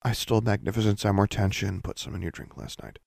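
A man's voice: medium pitch, animated, moderate pace, darkish tone, dry recording, studio quality, voice pushed up, lightly acted. A man voicing a sheepish young girl who speaks in a small, mumbling voice.

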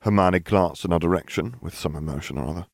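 A man's voice: low voice, fast talker, creaky, no echo. A man narrating a fan fiction story in the first person, with dry, wry humor. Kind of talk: fan fiction audiobook reading.

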